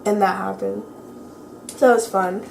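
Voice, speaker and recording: A teenage girl vlogging in a casual chat, her voice lowered by illness, rambling and filling her speech with "like". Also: fairly even intonation, normal speed, gravelly, noisy background. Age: teens. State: sick, voice lower than usual.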